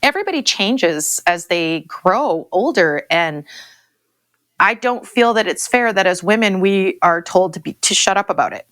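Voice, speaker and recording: A Canadian woman in her forties talks frankly as a guest, emotional and open, often repeating her words. Her voice is mid-pitched and sits close and dry on the mic. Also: lively intonation, normal speed, a bit bright, no echo. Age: 40s. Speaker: guest farmer. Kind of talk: candid interview talk.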